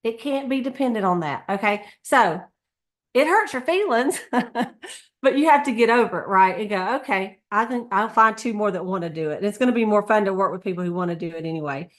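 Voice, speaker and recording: A woman's voice: mid-range voice, brisk. Woman, sales director type, chatty and folksy pep talk. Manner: chatty, animated, with frequent laughs and folksy Southern phrasing. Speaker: Mary Kay sales director recapping a conference. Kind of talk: casual motivational talk.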